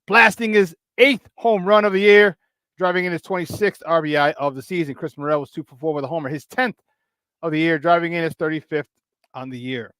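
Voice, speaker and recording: A man hosting a casual morning sports talk show, energetic and slangy, greeting viewers by name and laughing often. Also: fairly high pitch, a little fast, clear, resonant tone, no room sound, clean studio sound.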